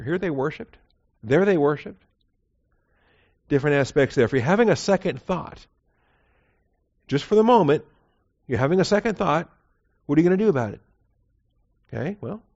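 A man's voice: fairly high pitch, creaky, a little mellow. A man teaching verse by verse through a Bible passage, conversational and digressive, correcting himself as he goes. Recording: dull lo-fi recording.

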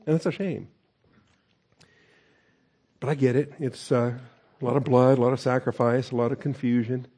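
Mellow-voiced man preaching a casual sermon. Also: medium pitch, creaky, husky. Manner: conversational, humorous asides. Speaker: pastor teacher.

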